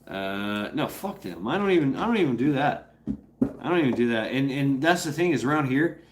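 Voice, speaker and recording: A man's voice: medium pitch, animated, a little fast, a little hiss or hum. A man ranting loosely to a livestream audience, swearing freely and tripping over his own words as he restarts sentences. He breaks into short impressions of other people as he goes. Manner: profane, rambling, with many restarts. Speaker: streamer. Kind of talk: casual livestream rant.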